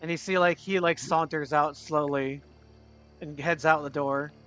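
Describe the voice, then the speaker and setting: A man's voice: on the high side, steady tone, measured pace, fairly bright tone, lo-fi sound, soft background music. A man narrating a tabletop game as game master, rambling with many fillers and restarts.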